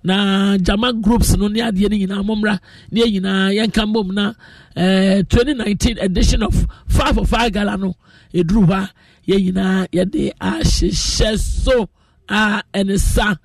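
A woman's voice: medium pitch, fairly even intonation, moderate pace. A Ghanaian woman hosting a casual radio show, reading listener messages aloud and laughing playfully. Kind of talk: casual radio chat, mixing Twi and English. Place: radio studio.

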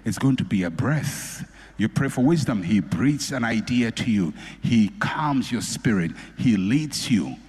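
A man preaching a sermon, repeating phrases for emphasis and swinging between loud and soft. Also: on the low side, animated, measured pace, slightly rough. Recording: echoey hall with long reverb.

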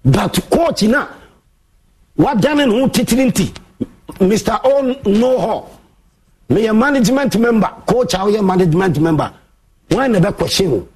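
A man with a Ghanaian accent hosting a sports monologue show, mixing Twi and English, theatrical, with big swings in pitch. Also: very animated, normal speed, pauses often, darkish tone, slightly rough. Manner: mixes Twi and English, theatrical, shifts pitch a lot, sings bits.

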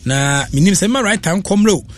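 A man's voice: high-pitched, lively intonation. A Ghanaian man presenting on radio, chatting casually and laughing often as he talks. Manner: fast, chatty, laughs often, code-switching.

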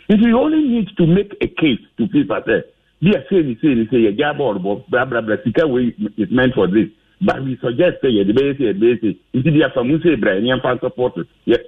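A Ghanaian man with a husky voice, giving heated radio commentary, animated and firing off rhetorical questions. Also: medium pitch. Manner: animated, rhetorical questions, mixing English and Twi. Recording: dull lo-fi radio audio.

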